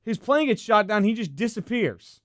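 A young man co-hosting a podcast, chatting casually about movies in a relaxed way. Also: high voice, normal speed, no room sound, studio quality. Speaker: podcast co-host.

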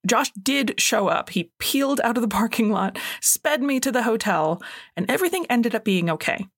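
A woman in her thirties hosts a scripted solo podcast and talks the listener through clear practical steps. Her pitch moves a great deal from phrase to phrase. The recording is dry and close to the mic. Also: normal speed, no room sound. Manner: clear, instructive, animated with acted asides. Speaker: podcast host, coach on binge eating.

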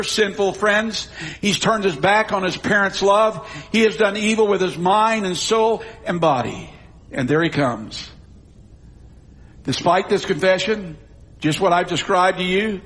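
A male pastor preaching a sermon, swinging from loud stresses to hushed drops. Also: high voice, husky.

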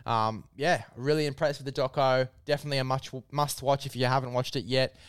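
Chatty bloke, smooth dry voice. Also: male voice, medium pitch, fairly even intonation, a little fast, dry recording. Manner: chatty, matey, heavy on fillers. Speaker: podcast host. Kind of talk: casual sports chat.

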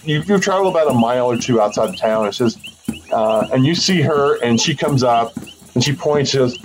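A man's voice: medium pitch, animated, fairly quick, a little hiss or hum, poor audio. A man narrating as game master, hesitant and full of fillers. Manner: hesitant, full of likes and ums.

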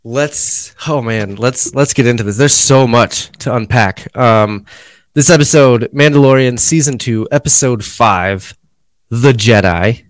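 Excitable man hosting a podcast. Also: mid-range voice, a little slow, no room sound. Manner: excitable, breathless, trails off quietly. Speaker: podcast host. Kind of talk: casual podcast chat.

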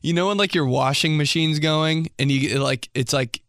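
A young man hosts a casual comedic podcast, rambling through comic complaints with lots of fillers and sound effects. His fairly high voice is fairly bright, clear and resonant, at normal speed, and the studio-quality recording has no echo.

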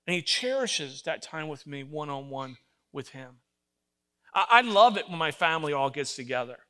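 Older male pastor, animated sermon, bright high voice. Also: normal speed, smooth. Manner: animated storytelling, acts out voices, emphatic.

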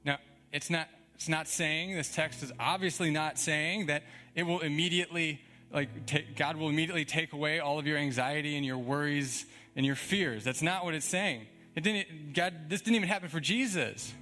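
Young male pastor, casual emphatic sermon delivery, slightly high voice, soft music bed. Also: moderate pace. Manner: conversational, emphatic, frequent "like" and chuckles.

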